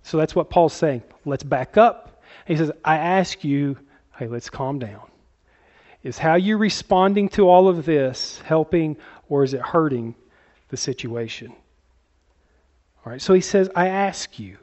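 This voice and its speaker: High-pitched male preacher, chatty delivery with voiced-out quotes, muffled lo-fi audio. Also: unhurried, darkish tone. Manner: conversational, acts out quotes with sudden high squeaky bursts. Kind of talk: sermon. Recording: dull lo-fi sound.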